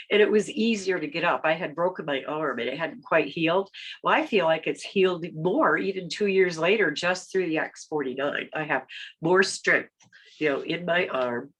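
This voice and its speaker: A woman on a casual video call, talking in a relaxed, rambling way with many fillers. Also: on the low side, breathy edge. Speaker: community member sharing a testimonial.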